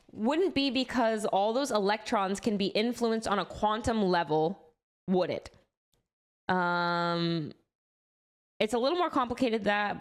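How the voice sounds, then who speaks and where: Enthusiastic, chatty woman streamer. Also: mid-range voice. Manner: enthusiastic, chatty, swears freely. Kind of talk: casual chat about comics.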